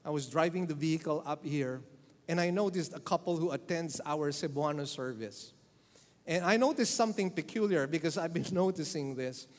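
A man preaching a sermon as pastor, emphatic and repeating key phrases for stress. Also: a little high. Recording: long hall reverb.

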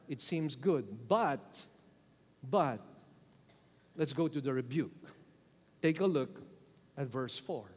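A man preaching a sermon as pastor, emphatic and repeating key phrases for stress. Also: fairly high pitch. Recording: long hall reverb.

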